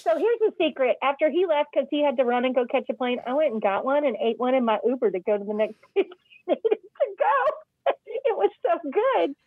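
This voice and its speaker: A woman, co-hosting a casual podcast chat, talkative and quick to laugh, sometimes trailing off while she remembers. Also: high-pitched, no echo, narrow, tinny audio. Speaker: podcast co-host.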